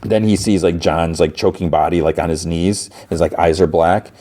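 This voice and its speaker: A man's voice: deep voice, steady tone, moderate pace, mellow. A man hosting a podcast, retelling a TV episode in a rambling, casual way with lots of fillers. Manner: rambling, filler-heavy retelling with acted-out quotes. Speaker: podcast host.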